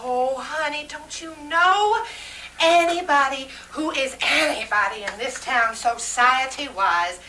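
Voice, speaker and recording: A woman's voice: sits high, expressive, slow, bright, forceful tone, exaggerated voice. A woman playing a brassy, social-climbing middle-aged mother who gushes and calls everyone honey. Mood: gushing. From West Texas. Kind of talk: radio-style comedy drama. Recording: roomy, distant mic, faint noise.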